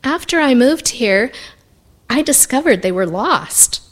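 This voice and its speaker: A woman voicing a polite, gentle widowed mother in a storybook reading. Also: on the high side, lively intonation, unhurried, pitched above the performer's own voice.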